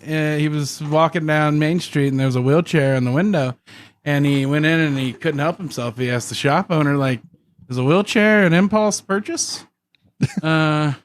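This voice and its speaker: A man rambling through a deadpan joke on a comedy podcast, stumbling over his words. His voice sits a little high for a man. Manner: rambling deadpan joke-telling with many restarts. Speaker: podcast co-host. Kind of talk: casual comedic banter.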